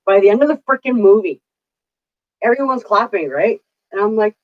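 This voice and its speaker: A woman's voice: medium pitch, animated, moderate pace, phone-quality sound. A middle-aged woman telling stories in casual chat, chatty, laughing often and swearing casually. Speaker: vlogger.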